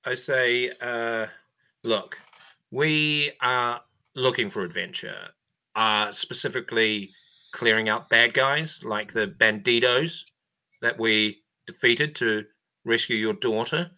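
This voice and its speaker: A man playing in a tabletop game, speaking bluntly and haltingly. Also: mid-range voice, pushed and bright. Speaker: player. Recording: dull lo-fi sound.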